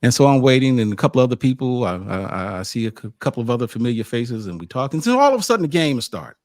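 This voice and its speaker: A man with an animated, stammering manner, telling a casual story as a sports media host. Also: medium pitch, quick pace, no room sound, clean studio sound. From United States. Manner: animated, acts out quotes, frequent stammered restarts.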